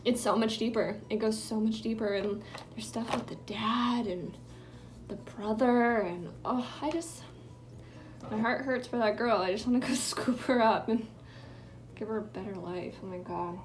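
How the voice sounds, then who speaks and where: A young woman with a slightly high voice rambles through a casual home vlog, full of fillers and sudden trailing whispers. Faint music plays softly behind her. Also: moderate pace. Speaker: vlogger. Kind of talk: casual chatty vlog while doing makeup. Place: indoors at home.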